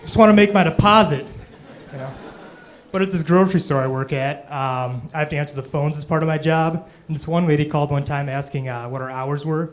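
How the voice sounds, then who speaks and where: A man's voice: a little high, steady tone, fairly quick. A young man doing a stand-up comedy set on stage, rambling and self-deprecating, full of "you know" and "um".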